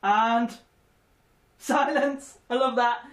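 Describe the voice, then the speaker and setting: A woman giving excitable, giggly let's-play commentary, often shouting at the game. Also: a little high, drawn-out words, a crowd in the background. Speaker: gamer. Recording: echoey room, distant mic, game music.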